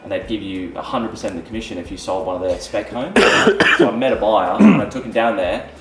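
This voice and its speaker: A young-to-middle-aged man with an Australian accent, telling animated stories as a guest and swearing freely. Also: fairly low pitch, a little fast, creaky, echoey room, a crowd in the background, low-quality recording. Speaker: guest, real estate agent. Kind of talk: casual storytelling.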